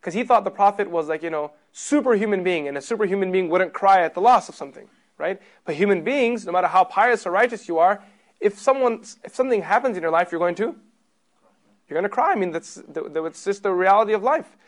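A man teaching a religious class in a sermon style, emphatic, putting rhetorical questions to his listeners and moving between loud stress and soft low passages. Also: lively intonation, fast talker.

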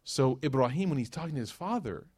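A man preaching to a live audience, telling stories in a lively rhythm and dropping into hushed asides. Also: medium pitch, fast, no room sound. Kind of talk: sermon.

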